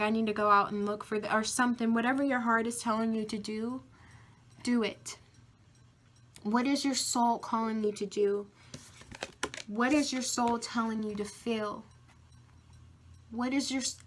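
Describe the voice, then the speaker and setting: A woman's voice: mid-range voice, a bit bright. Emphatic woman giving a tarot reading. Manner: emphatic, repetitive affirmations, casual swearing. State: tearful, emotional. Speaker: tarot reader. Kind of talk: pick-a-card tarot reading.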